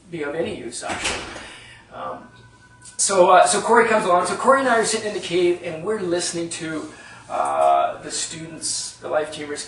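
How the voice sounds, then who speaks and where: Gravelly man telling a story to a room. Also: fairly high pitch, a bit bright, distant mic, slight background noise. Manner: conversational, frequent "right?" checks with audience. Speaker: workshop leader. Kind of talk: storytelling workshop talk. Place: retreat meeting room with live audience. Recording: echoey room, speaker off-mic.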